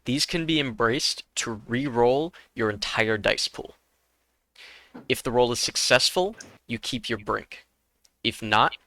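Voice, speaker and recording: A man acting as game master, calling on players and reading rules aloud in a brisk, encouraging way. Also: medium pitch, bright, forceful tone, no echo. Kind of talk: running a tabletop horror game, reading rules.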